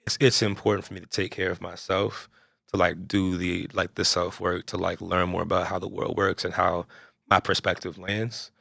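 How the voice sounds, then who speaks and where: A man's voice: deep voice, level tone, moderate pace, creaky, bright, forceful tone, no echo, clean studio sound. A man speaking as a podcast guest in casual chat, reflective and using many fillers.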